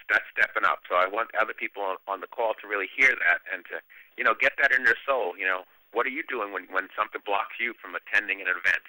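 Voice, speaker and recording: A man's voice: on the low side, sharp tone, dry recording. A man hosting a conference call over a phone line, effusive and full of praise.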